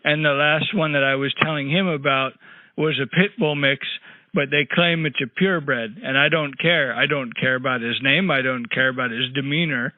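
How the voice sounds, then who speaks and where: A man's voice: medium pitch, normal speed, no echo, natural voice. A man doing a cranky rambling old caller on the phone. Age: older. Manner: rambling, crude, grumbling asides. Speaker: prank caller. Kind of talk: prank phone call. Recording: tinny phone line, dry.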